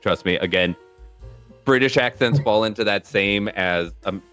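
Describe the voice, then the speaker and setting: A man with a New York accent chatting casually on a podcast, animated and quick to try out accents. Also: lowish voice, clear, resonant tone, faint music behind. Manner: animated, jumps into accent impressions.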